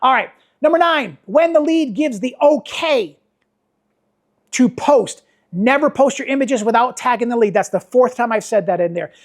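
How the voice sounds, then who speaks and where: A man's voice: very high-pitched, moderate pace. A middle-aged man leading a photography workshop, telling stories and acting out the people he quotes. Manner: animated storytelling, acts out quoted voices. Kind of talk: workshop talk with anecdotes.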